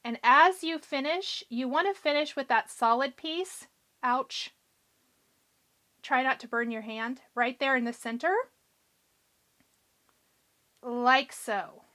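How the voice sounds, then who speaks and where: High-voiced chatty woman hosting a craft livestream. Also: measured pace, pushed and bright. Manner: chatty, encouraging, thinks aloud while working. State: a bit hoarse. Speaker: craft show host. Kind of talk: live craft tutorial, reading chat comments.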